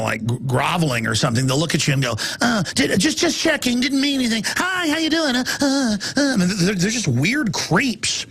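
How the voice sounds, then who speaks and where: A man in his forties hosting a radio talk show, ranting in an animated monologue and mocking people in high put-on voices. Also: vocal fry, breathy edge, no echo, studio quality.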